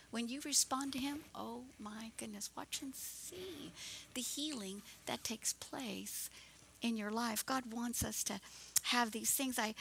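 A woman's voice: a little high, gravelly, a bit bright, slight background noise. A woman pastor preaching a fervent, encouraging sermon.

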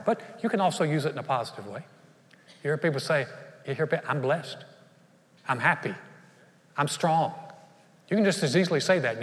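A male pastor preaching a sermon in an earnest, conversational way, speaking straight to his congregation with questions. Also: fairly high pitch. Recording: long reverb of a large church hall.

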